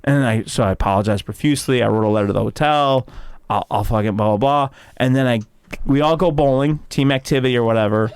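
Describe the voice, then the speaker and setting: A male comedian from Chicago telling stories in casual podcast chat, animated and profane, acting out quotes in a raised voice. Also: mid-range voice, quick pace, smooth, no echo, clean studio sound. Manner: animated storyteller, swears freely, acts out quotes in a raised voice. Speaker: comedian guest.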